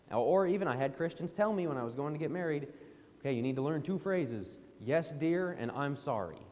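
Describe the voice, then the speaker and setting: Preacher, male, fairly high voice, emphatic sermon delivery, long reverb of a church hall. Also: darkish tone. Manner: emphatic, rising to indignant questions. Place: church auditorium.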